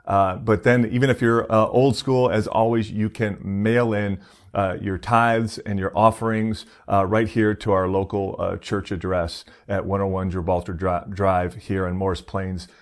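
A man's voice: fairly low pitch, flat delivery, a little slow. A man preaching a casual sermon as a pastor, talking conversationally with many fillers and restarts.

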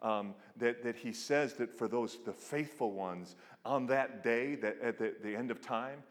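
Middle-aged male pastor, animated sermon, hall reverb. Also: unhurried. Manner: animated storytelling, acts out quotes with big pitch jumps.

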